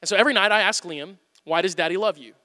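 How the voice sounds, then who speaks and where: A man in his thirties preaching a sermon, telling family stories with animated swings from loud to hushed. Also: high voice, quick pace, in a large hall. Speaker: pastor.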